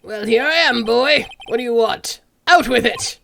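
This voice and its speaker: A woman doing a pompous old gentleman lawyer. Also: vocal fry, slight background noise, heavily acted. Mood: pompous gruff. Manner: pompous, slow, booming commands. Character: pompous older male lawyer, gruff and grand.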